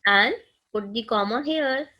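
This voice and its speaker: A woman with an Indian English accent teaching a maths lesson to students, slow and deliberate, often checking in with "okay". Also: a little high, bright, forceful tone, poor audio. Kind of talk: recorded classroom lesson.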